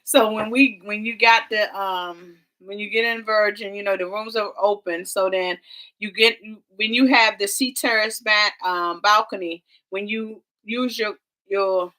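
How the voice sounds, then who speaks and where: Female vlog co-host, dramatic storyteller, bright tone. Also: mid-range voice, unhurried. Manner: animated, dramatic storytelling with y'all and quoted voices. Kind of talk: casual travel storytelling.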